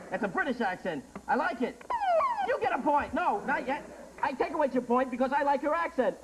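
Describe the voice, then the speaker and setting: A man hosting a comedic game show, teasing contestants with quick jokes. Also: very high-pitched. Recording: noisy archive TV studio tape.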